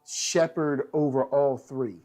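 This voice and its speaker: A man co-hosting a casual fan review show, easygoing and quick to laugh as he reads viewer comments. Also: medium pitch, steady tone, mellow. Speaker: co-host reading viewer comments.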